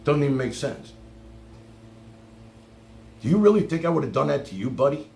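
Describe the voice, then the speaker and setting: Male streamer host, angry profane rant, lively up-and-down pitch, slightly high. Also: moderate pace, vocal fry. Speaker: livestream host. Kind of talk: heated livestream rant. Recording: echoey room.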